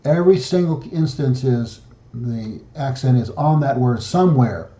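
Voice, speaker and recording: A man leading a study group, talking slowly and methodically through slides and reading word forms aloud. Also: mid-range voice, animated, dark tone. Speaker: founder and study group leader. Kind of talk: solo language lesson over slides. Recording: dull lo-fi audio in an echoey room.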